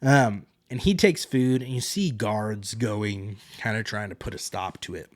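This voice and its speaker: A man with a fairly low voice chats his way through an episode recap on a podcast, paraphrasing the characters in an offhand way. He is blunt and self-mocking, and he swears casually. The sound is close and dry, with no room echo. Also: a little slow. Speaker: podcast host.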